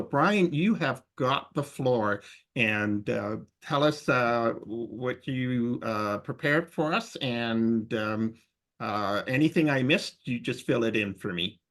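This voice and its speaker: A man's voice: medium pitch, a little slow, a bit bright. A man from Canada hosting an online user group meeting, friendly and informal, with plenty of fillers. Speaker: meeting host. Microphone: video call.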